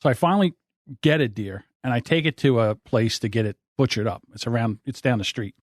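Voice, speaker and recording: A man hosting a podcast, telling a rambling story in a lively, laughing way. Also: mid-range voice, a little fast, dry recording, clean studio sound. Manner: animated, laughing, repeats himself. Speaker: podcast host. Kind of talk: casual storytelling.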